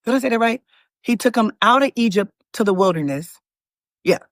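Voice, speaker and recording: A woman hosting her own channel, giving an animated, preachy motivational talk to viewers that she calls y'all, with frequent restarts. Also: a little high, brisk, no room sound, studio quality. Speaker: manifestation coach and channel host.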